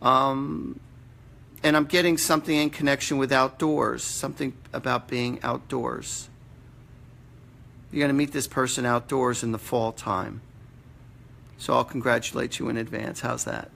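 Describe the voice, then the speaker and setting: A man's voice: medium pitch, flat delivery, unhurried, gravelly, long pauses, a bit bright, a little hiss or hum. A man hosting a live-stream session, giving casual, blunt readings with some mild swearing. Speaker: psychic medium host. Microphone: computer or phone mic on a live stream.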